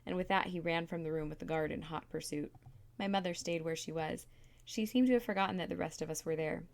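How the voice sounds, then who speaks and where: A woman reading a chapter of a novel aloud in a calm, steady narrating voice. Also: sits low, fairly quick, creaky. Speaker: reader.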